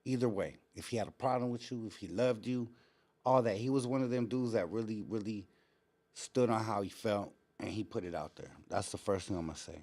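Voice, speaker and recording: A man hosting a live show and telling stories in a slangy, profane, animated way. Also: fairly low pitch, brisk. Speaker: host. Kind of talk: casual live-stream storytelling.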